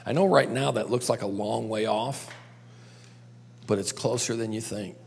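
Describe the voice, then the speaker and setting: A man's voice: fairly low pitch, moderate pace, gravelly, a little mellow, slight background noise. A man telling a story to a group and drawing lessons from it, coaxing them with questions. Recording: long hall reverb.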